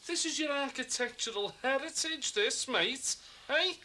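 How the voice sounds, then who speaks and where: Lively, bright-voiced wide boy, cocky, wisecracking, faint tape hiss. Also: very high voice, unhurried, full character voice. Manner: cocky, wisecracking, drops to menacing hisses. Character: cocky chancer man selling stolen goods. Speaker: wheeler-dealer mate. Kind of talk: TV soap acting.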